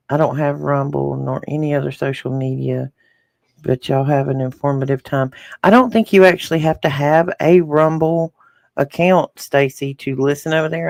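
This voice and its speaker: A man with a rural Southern American accent co-hosts a podcast, chatting casually with live viewers and reading their comments aloud. His voice is on the high side and gravelly, recorded at studio quality with no echo.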